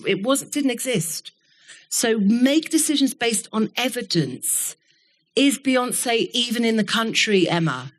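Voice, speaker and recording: Candid woman giving a keynote. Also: fairly high pitch. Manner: candid, animated storytelling with swearing. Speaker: keynote speaker. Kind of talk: keynote talk to a live audience. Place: event studio before an audience.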